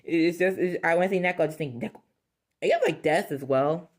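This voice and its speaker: This woman vlogger speaks to her viewers in a fairly low, brisk voice. Her casual talk to camera rambles, with frequent self-corrections and lots of laughter.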